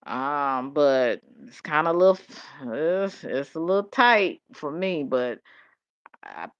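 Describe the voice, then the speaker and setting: An older woman, talking in a rambling, animated monologue. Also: sits low, takes it slowly. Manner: rambling, animated storytelling with vernacular speech. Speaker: vlogger. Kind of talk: casual monologue. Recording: dull lo-fi audio.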